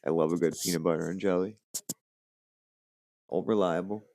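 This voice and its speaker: A man's voice: deep voice, steady tone, moderate pace, dark tone, slight background noise. A man hosting a podcast, casually telling a long joke with lots of fillers and restarts, and raising his voice for the characters in it. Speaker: podcast host. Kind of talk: casual chat.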